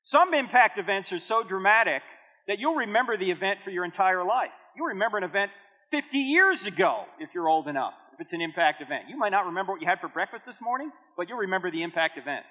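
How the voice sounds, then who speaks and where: A man's voice: high voice, quick pace. A man in his fifties giving a church seminar talk, telling stories with jokes and acting out dialogue. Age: 50s. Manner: animated storytelling with jokes and acted dialogue. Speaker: Christian apologetics speaker. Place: church hall with audience. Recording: echoey hall on a tinny phone-like line.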